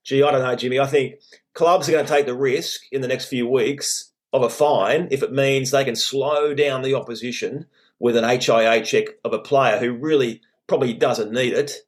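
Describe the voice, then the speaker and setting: A man's voice: mid-range voice, fairly even intonation, moderate pace. An Australian man co-hosting a casual rugby league chat, steadily leading the discussion and teasing his co-host. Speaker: podcast co-host.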